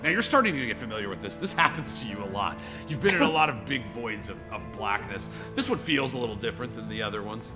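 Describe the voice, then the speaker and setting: Animated, casual-talking game master man. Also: medium pitch, fast, few pauses, over music. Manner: animated, loose, swears casually. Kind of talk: narrating a tabletop game.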